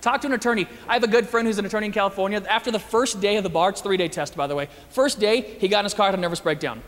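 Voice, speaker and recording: High, fast-talking man in a big hall. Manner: animated, joking, acts out quoted voices. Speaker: Christian speaker. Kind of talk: lively talk to an audience.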